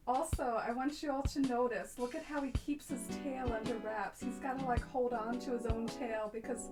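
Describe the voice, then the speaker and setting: A woman's voice: a little high, fairly even intonation, normal speed, few pauses. A young woman streaming casually, giggling and cooing at her cat, with music playing behind her. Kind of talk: casual livestream chat.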